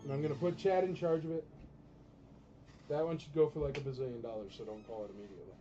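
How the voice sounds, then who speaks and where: A man's voice: medium pitch, fast talker, warm tone, lo-fi sound, soft background music. A man hosting a live toy auction stream, blunt and joking, ranting between lots. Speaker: auction host.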